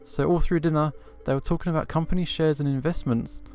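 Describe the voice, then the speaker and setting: Man voicing a chattering young cat lady, prim and naive, smooth tone, faint music behind. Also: fairly high pitch, steady tone, quick pace, darkish tone, lightly acted. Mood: childlike. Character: young noble cat girl, polite and naive.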